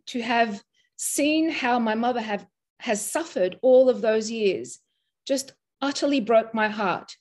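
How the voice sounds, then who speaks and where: Earnest older woman, higher voice. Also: a little mellow. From Australia. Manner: earnest, emotional, halting with restarts. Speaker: mental health first aid teacher. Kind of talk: personal story told in an interview.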